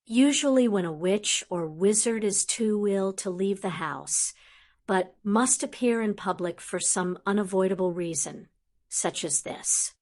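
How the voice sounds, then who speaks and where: A woman reading an audiobook, voicing a calm, wise old male headmaster in a grave, deliberate way. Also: medium pitch, natural voice. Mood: measured. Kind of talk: audiobook character voice.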